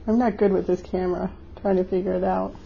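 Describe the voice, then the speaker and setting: A woman's voice: medium pitch, level tone, quick pace, creaky, highs cut off, a little hiss or hum. A woman at home talking to her dog on a home camera, cooing and teasing him. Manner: coos and teases her dog. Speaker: pet owner filming her dog. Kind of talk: casual home video. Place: at home indoors.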